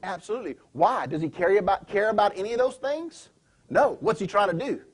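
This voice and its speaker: A pastor preaching a sermon in a church, emphatic and often asking the congregation questions. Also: male voice, high-pitched, expressive, brisk, breathy edge. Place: church sanctuary.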